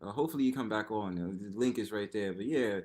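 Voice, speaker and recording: A man's voice: fairly low pitch, fairly quick. A man on an online talk panel chatting casually and joking, using slang and acting out his own reactions. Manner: expressive and joking, slangy, quotes himself in reaction voices. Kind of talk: casual chat.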